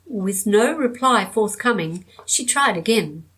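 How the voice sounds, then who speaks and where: A woman narrating an audiobook with a measured, steady storytelling delivery. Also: mid-range voice, slightly rough, poor audio.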